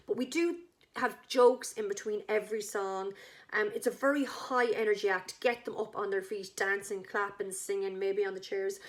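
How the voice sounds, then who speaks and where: An Irish woman chatting enthusiastically, pitching her wedding act to a couple and acting out the characters' lines. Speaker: wedding entertainment business owner. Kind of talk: casual sales pitch to a couple.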